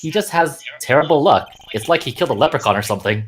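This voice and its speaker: A woman's voice: extremely low pitch, animated, fast, slight background noise. A woman voicing an earnest young male rookie defense attorney who tells his story plainly. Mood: narrating.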